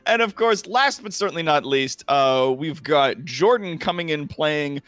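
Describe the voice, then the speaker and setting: A man's voice: fairly high pitch, animated, a little slow, a bit bright, dry recording. A man with a Canadian accent hosting a tabletop game as game master, hammy and enthusiastic, laughing often.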